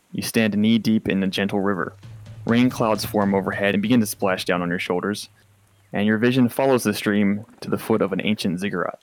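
A man narrating a tabletop game as game master, describing scenes vividly with casual fillers. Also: fairly low pitch.

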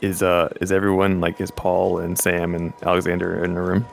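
A man playing in a tabletop game, chatting casually and asking quick questions. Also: low-pitched, monotone, vocal fry. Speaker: player. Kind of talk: casual chat.

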